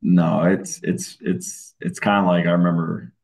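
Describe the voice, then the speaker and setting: A man, a college football coach, talking in a casual interview, relaxed and often restarting his sentences. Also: sits low, measured pace, vocal fry. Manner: relaxed, many restarts and fillers.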